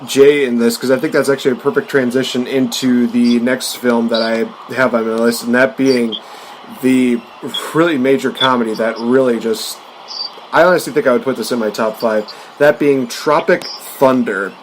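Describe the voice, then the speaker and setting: A man's voice: mid-range voice, steady tone, moderate pace, a little hiss or hum. A man hosting a casual podcast chat, rambling with lots of fillers and laughing often. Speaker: podcast host. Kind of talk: casual chat about movies.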